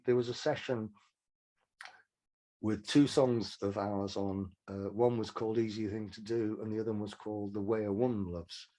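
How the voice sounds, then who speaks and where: A man's voice: lowish voice, warm tone. An older man, a songwriter telling frank, rambling anecdotes in an interview. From Manchester, England. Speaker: songwriter guest. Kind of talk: casual interview storytelling.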